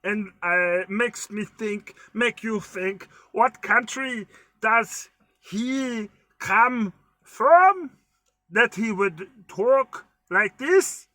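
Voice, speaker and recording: A man putting on a silly, high, croaky frog-like voice, drawn out and wobbly. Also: expressive, drawn-out words, bright, forceful tone, no room sound, heavily acted. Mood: playful.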